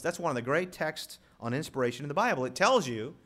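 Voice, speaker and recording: A man preaching to his congregation in a church, his voice sitting a bit high for a man. He reads scripture slowly and deliberately, then rises in pitch and volume as he presses his points home. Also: expressive. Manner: emphatic preacher, rising loud on key words, slows to read scripture. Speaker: pastor. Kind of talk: sermon with live props.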